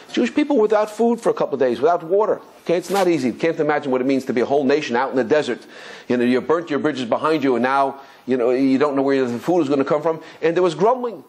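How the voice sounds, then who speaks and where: A rabbi giving an animated Torah class, telling stories excitedly with stumbling repetitions and chuckles. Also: male voice, on the high side, slightly rough. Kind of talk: animated Torah lesson with storytelling.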